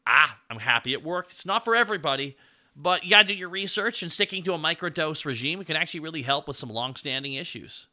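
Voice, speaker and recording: A man's voice: on the high side, lively intonation, fast, bright, forceful tone. A man streaming, chatting casually and laid-back with his viewers, swearing freely.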